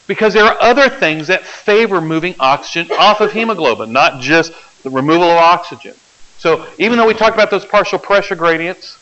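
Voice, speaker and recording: Male lecturer, slightly high voice, explains step by step and checks in with the class; lo-fi classroom recording. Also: a bit bright. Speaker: biology lecturer. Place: lecture hall.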